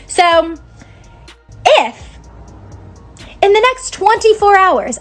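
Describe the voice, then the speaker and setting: A woman ranting angrily and profanely with threats. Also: sits high. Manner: angry, threatening, profane rant.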